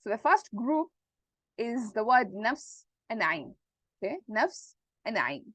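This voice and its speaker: A woman teaching Arabic grammar in an online class, explaining slowly and checking that students follow. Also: on the high side, very animated, dry recording. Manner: patient, repeats points and checks understanding.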